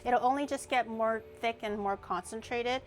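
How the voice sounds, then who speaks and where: A young woman streamer chatting casually and rambling as she cooks, with loud playful outbursts. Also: on the high side, fairly even intonation, normal speed. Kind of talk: casual cooking stream chat.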